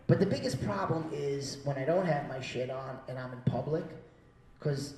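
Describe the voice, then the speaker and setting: A man doing a stand-up comedy set, profane, with loud acted-out quotes. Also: mid-range voice, moderate pace, echoey room, recorded from a distance, low-quality recording. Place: small comedy venue.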